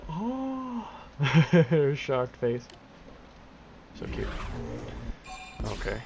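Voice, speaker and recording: A man's voice: on the high side, wildly swooping pitch, very slow, creaky, noisy background. Joking, foul-mouthed young gaming streamer man. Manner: joking, swearing, teasing back at chat. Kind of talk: casual profane gameplay commentary.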